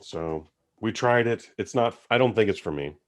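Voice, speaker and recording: Rambling man with a low voice. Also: moderate pace. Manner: rambling, animated, swears casually. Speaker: podcast host. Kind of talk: casual movie-review chat.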